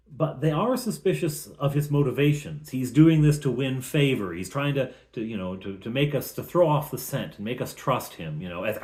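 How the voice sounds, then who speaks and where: A man recapping his tabletop campaign as game master, with a lively, swinging voice. He tells the story casually and keeps breaking off for chatty asides. The sound is echoey and roomy. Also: medium pitch.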